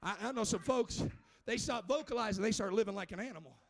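A man preaching a fervent sermon, often shouting and chanting, with frequent "uh" and "amen". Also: sits high, fast talker, creaky.

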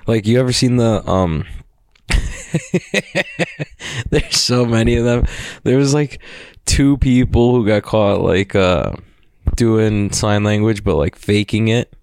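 A man's voice: lowish voice, slow pace, pauses often, darkish tone, clean tone, no room sound, studio quality. A man hosting a podcast, talking in a loose, rambling, profane way and laughing often. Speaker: podcast host. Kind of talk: casual rambling monologue.

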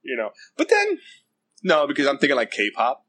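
A man's voice: mid-range voice, huge pitch swings, moderate pace, fairly bright tone, rough recording. A man in casual chat who rambles with lots of fillers and dry humor.

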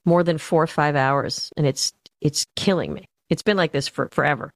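A woman's voice: low voice, normal speed, dry recording, studio quality. A woman in her forties chatting casually on a podcast, rambling with asides.

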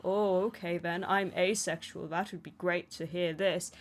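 A woman doing a quick impression of a kindly older man while chatting on a podcast. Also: fairly low pitch, fairly even intonation. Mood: offhand. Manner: casual quoted impression in conversation.

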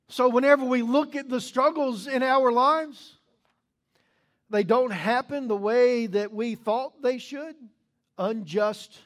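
A man preaching a sermon as the pastor of a church, moving between loud emphatic lines and low, quiet asides.

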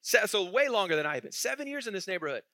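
A man's voice: high-pitched, very animated, very fast, pushed and bright, no room sound, clean studio sound. A male pastor preaching a sermon in a conversational way, asking the congregation questions and chuckling through his stories.

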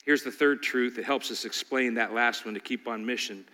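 A man preaching a sermon with animated rhetorical questions, sometimes acting out voices. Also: mid-range voice, normal speed, in a large hall. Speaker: pastor.

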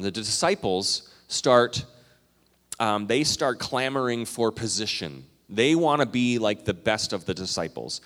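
A male pastor from Minnesota and Canada delivers a sermon with a lively, wide-ranging pitch. He talks to the congregation conversationally, punching some phrases loudly and dropping others to a murmur. His voice rings with a long reverb off a large hall. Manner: animated, conversational, swinging between loud emphasis and quiet asides.

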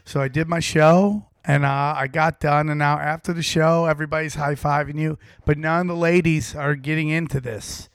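A man's voice: a little high, flat delivery, moderate pace, creaky, hardly any pauses. A man, a comedian guest, telling a brash, boastful story in a podcast chat while saxophone plays underneath. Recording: saxophone music playing behind.

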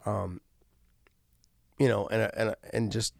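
A middle-aged man with a low, gravelly voice talks in a casual podcast, earnest and halting, restarting his sentences often. The sound is close and dry, with no room echo. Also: fairly even intonation. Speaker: podcast host and former fighter.

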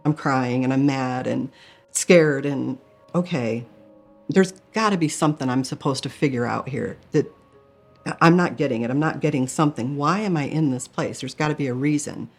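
A woman's voice: extremely low pitch, normal speed, soft background music. A woman from Michigan telling an emotional personal story in earnest, often acting out her own thoughts. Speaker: near-death experience storyteller.

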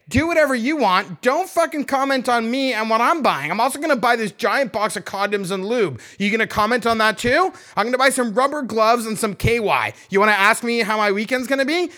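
A man's voice: extremely high pitch, pushed and bright. A man hosting a comedy podcast, ranting with exasperated, profane outbursts. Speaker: podcast host. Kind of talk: comedic rant.

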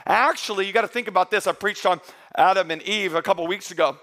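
During a church service, a male pastor preaches to his congregation in a fast, bright, forward voice that sits high for a man. His delivery is earnest and conversational, with frequent restarts and repeated words.

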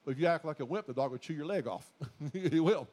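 Talking fast in a fairly high voice, a pastor exhorts his congregation in a folksy manner, addressing them as folks. He repeats his points until they build into loud, emphatic declarations during the sermon.

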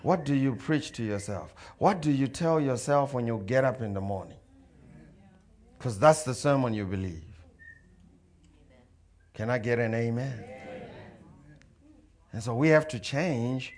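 A man's voice: mid-range voice, measured pace, pauses often. A man preaching a sermon, telling stories and acting out dialogue and the voices of others. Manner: storytelling, acts out dialogue and crowd voices. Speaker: pastor.

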